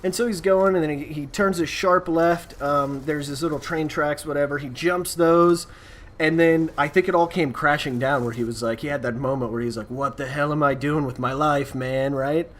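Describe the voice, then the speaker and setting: A man chatting through a story time over gameplay, rambling and relaxed. He talks in a slightly higher male voice, full of asides and filler words. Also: moderate pace. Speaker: gaming YouTuber.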